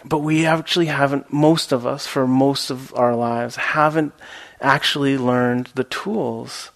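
Give me a man leading a meditation talk, gravelly and easygoing. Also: mid-range voice, measured pace. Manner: relaxed, rambling, many fillers; laughs at his own story. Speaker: meditation teacher. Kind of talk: dharma talk with storytelling.

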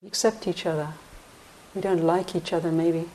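A woman meditation teacher giving a dharma talk in a slow, reflective way with frequent pauses. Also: lowish voice, steady tone, warm tone, slight background noise, rough recording.

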